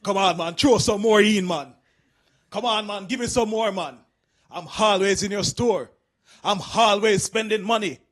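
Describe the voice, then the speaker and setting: A man's voice: high voice, moderate pace, fairly bright tone. A man voicing his father, an insistent haggler pleading for more. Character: haggling middle-aged dad.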